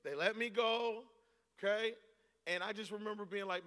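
A pastor in his forties preaching a sermon, telling a story and rising into shouts and laughter. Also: high-pitched, moderate pace. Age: 40s. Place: large church hall. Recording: long hall reverb.

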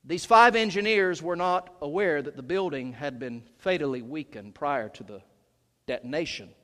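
A male senior pastor preaching with force, rising to shouts and then dropping to hushed, low lines. His voice sits high for a man. The sound rings through a large, reverberant church sanctuary. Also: normal speed. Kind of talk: sermon. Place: church sanctuary during a worship service.

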